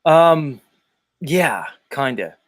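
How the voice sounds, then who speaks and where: A man's voice: on the high side, expressive, drawn-out words, no echo. A man hosting a livestream, chatting casually in a teasing, rambling way with many fillers. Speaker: host.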